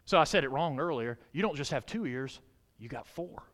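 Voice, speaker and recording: A male pastor gives a brisk, expressive sermon in church, his voice pitched high and moving through wide swings. Emphatic peaks give way to low, quiet stretches, and he often turns to question his congregation.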